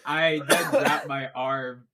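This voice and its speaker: A man's voice: a little high, fairly even intonation, slow pace, sharp tone. A young man playing a tabletop game, joking and describing his moves. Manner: joking, laughs through lines. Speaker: player. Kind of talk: casual tabletop play.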